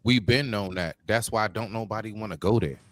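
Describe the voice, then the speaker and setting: A man's voice: fairly low pitch, fairly quick, fairly bright tone, dry recording. Blunt slangy male stream host. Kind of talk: casual live-stream debate.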